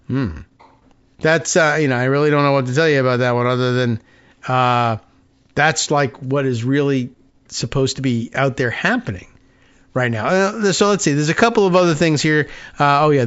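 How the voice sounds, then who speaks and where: A man's voice: mid-range voice, fairly bright tone, muffled recording. Wry rambling middle-aged man. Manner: wry and sarcastic, rambling with many fillers. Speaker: radio talk show host. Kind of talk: casual political commentary, reading news aloud.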